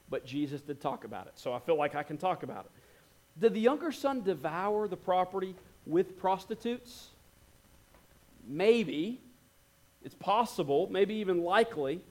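Expressive male preacher, slightly high voice. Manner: expressive, acts out quoted lines with shifting tone. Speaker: pastor. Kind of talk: sermon.

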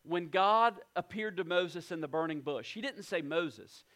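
A high-voiced man preaching a sermon as a pastor. He is emphatic and earnest, slowing right down and sinking to a near hush to let weighty lines land. His delivery is deliberate and built around repeated phrases. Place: church in West Virginia.

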